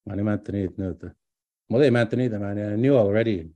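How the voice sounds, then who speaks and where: On the low side with a dark tone, this middle-aged man speaks at a quick pace with no echo. A language teacher and doctoral student, he casually rambles through his own story, often restarting and dropping in words from another language.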